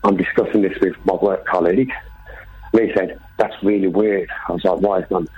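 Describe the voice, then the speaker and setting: A man's voice: sits low, fairly even intonation, a little fast, breathy edge, dull audio. A man calling in to a radio show and telling a ghost story in a matter-of-fact way. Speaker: caller.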